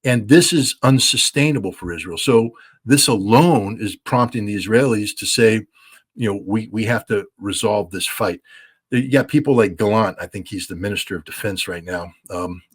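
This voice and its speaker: A man's voice: fairly low pitch, normal speed, breathy edge. A man giving blunt, emphatic interview commentary as a military analyst, repeating his points for stress. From United States.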